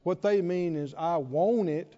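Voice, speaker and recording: A pastor with a high-pitched, mellow voice preaches a little slowly to his congregation, animatedly telling a funny story and inviting responses. The church sanctuary recording sounds dull and reverberant.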